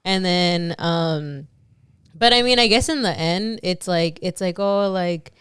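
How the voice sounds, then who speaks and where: Woman, young adult, podcast co-host, rambling casual chat, very smooth voice, dry sound. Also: lowish voice, animated, a little slow, a bit bright, no echo. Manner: rambling, lots of "like", acts out quotes.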